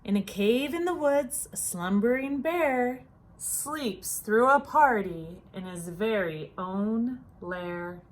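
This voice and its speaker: Slow, expressive woman reading a picture book. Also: on the high side. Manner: expressive, playful rhythmic reading. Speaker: storyteller. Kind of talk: children's picture book read-aloud.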